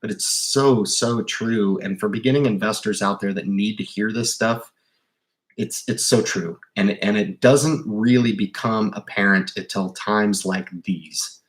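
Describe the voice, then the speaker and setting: A man's voice: lowish voice, unhurried. A man hosting a livestream about investing, talking casually and emphatically, often restarting his sentences. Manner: rambling, emphatic, with repeated restarts; insistent advice to viewers. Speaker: investing channel host.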